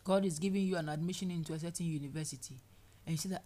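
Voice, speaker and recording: A woman preaching a sermon, animated, acting out people's complaints in playful voices. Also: on the low side, racing, noisy background.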